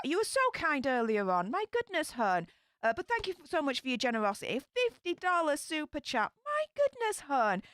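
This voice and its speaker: A young woman from Yorkshire, England, with a Yorkshire accent, hosts a casual livestream, greeting viewers and reading their comments in an upbeat, chatty way with bursts of excitement. Her voice is high, and the studio-quality recording is dry.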